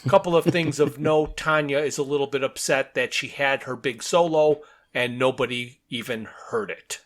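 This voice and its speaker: A man's voice: medium pitch, normal speed. A man co-hosting a casual podcast, describing comic book panels, reading out dialogue and laughing often. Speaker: podcast co-host.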